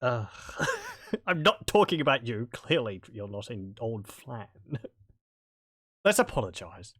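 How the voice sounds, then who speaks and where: Man, let's play commentary, wry, rambling, lively pitch, dry close mic. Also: slow pace, no room sound. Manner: rambling, chuckling, wry asides. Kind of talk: casual gameplay commentary.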